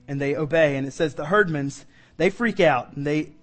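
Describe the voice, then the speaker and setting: A man's voice: moderate pace, faint music behind. A man preaching a casual verse-by-verse sermon, talking conversationally and acting out the quoted lines. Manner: conversational, acts out quoted lines with rising pitch.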